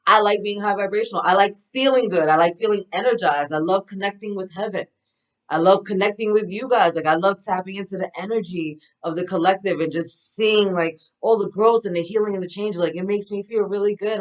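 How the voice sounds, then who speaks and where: A woman card reader speaks to her viewers in a casual spiritual pep talk. She is enthusiastic and affirming, and her voice sits at a middle pitch. Her talk is loose and chatty, often checking in with "right?". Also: fairly quick, rough recording.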